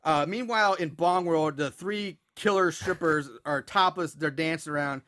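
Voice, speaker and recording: Bright-voiced man recapping a movie. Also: on the high side, moderate pace. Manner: relaxed, laughing, retelling plot with filler words. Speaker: podcast host.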